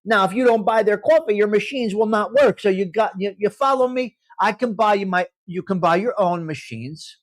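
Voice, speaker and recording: Man, new york accent, live show host, blunt and opinionated, animated talk, repeats lines for emphasis. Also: high-pitched, normal speed, few pauses. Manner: blunt, opinionated, drops Italian phrases. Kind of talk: casual live-stream chat.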